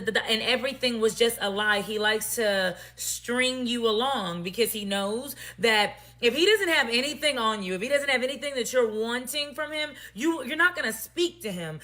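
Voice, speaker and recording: A woman in a storytime vlog, with a slightly high voice and a sassy, emphatic delivery. She makes pointed asides straight to her viewers. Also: fairly bright tone. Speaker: storytime vlogger.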